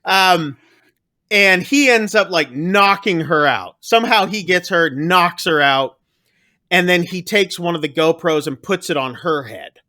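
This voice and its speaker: A man's voice: high-pitched, unhurried. A man hosting a podcast, casually recapping a horror movie scene by scene and acting out the characters' lines. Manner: animated, acts out character lines. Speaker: podcast host.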